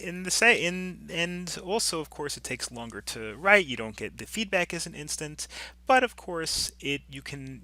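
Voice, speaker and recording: A man lecturing on a recorded business course, his voice bright and forceful at a middle pitch. He talks loosely and conversationally, often pausing on fillers and restarting his sentences.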